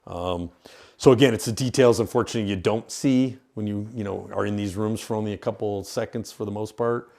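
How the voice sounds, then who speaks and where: A man's voice: fairly low pitch, steady tone, a little fast, vocal fry, a little mellow. A man who owns a haunted house, casually explaining it on a tour with lots of fillers and restarts. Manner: rambling, with many fillers and restarts. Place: inside an old industrial building.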